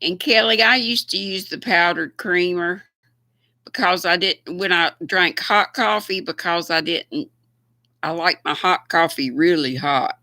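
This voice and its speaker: Slow folksy older Southern woman. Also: fairly low pitch, bright, forceful tone, no room sound. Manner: folksy, chatty, laughs often. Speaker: livestream host. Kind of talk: casual livestream chat with viewers.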